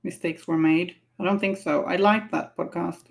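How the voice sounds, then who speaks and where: A woman with a lowish, steady voice and some vocal fry chats casually at a normal speed while painting miniatures on a livestream. She laughs often and muses aloud as she works.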